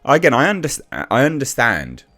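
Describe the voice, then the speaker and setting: A man's voice: mid-range voice, huge pitch swings, moderate pace, sharp tone. A man giving a blunt, exasperated casual review rant, with frequent restarts and swearing.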